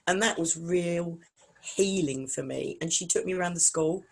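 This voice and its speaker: A woman's voice: fairly low pitch, moderate pace, creaky, husky. A woman in her forties, a singer and vocal coach, chatting as an interview guest and acting out the voices in her stories. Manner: animated storyteller acting out quotes. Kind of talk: casual interview chat.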